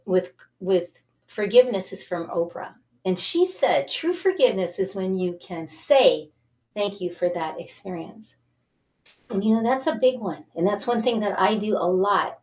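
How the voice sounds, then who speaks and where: A woman hosting a self-help TV show, talking in an animated, coaxing way as she leads viewers through breathing exercises. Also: mid-range voice. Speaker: host.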